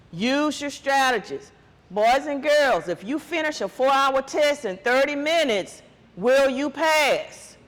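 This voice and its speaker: Man teacher, call-and-response test prep, slow unhurried delivery, reverberant hall sound. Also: extremely high pitch, fairly bright tone. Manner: quizzing students with call-and-response questions. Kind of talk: classroom test-prep lesson.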